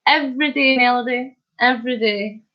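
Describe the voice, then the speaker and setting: A woman's voice: a little high, steady tone, normal speed. A woman vlogger chatting casually on a home live stream, answering comments, giggly and hyper. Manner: chatty and giggly, laughing often. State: hyper and wide awake. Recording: slightly muffled lo-fi stream audio.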